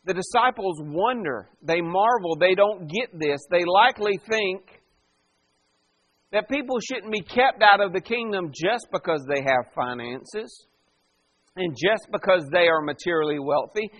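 A man's voice: sits high, lively intonation, unhurried, fairly bright tone, lo-fi sound. A man preaching a morning sermon in a church, driving points home with strong emphasis and rhetorical questions. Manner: emphatic preaching, rising and falling in force. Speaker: pastor.

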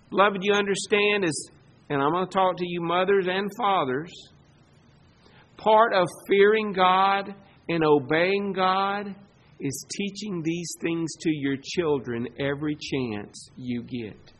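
Male pastor, high-pitched, dramatic sermon delivery with big swings in loudness. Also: a little slow.

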